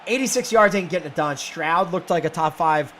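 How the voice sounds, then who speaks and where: Young man, stream host, casual commentary, excitable, high voice. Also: brisk. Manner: excitable, animated, bursts into shouts. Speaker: fantasy football show host.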